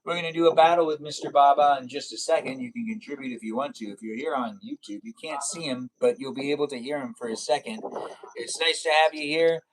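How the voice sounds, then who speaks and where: A man's voice: mid-range voice, quick pace, noisy background. A young man live-streaming a racing game, chatting casually and playfully with viewers and slipping into silly sing-song noises.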